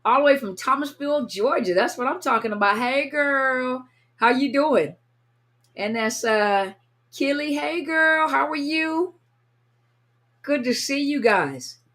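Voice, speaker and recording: Speaking at a measured pace in a high voice, this livestream host welcomes each viewer by name from her California home. She comes across as warm and talkative, if slightly weary, on her casual stream.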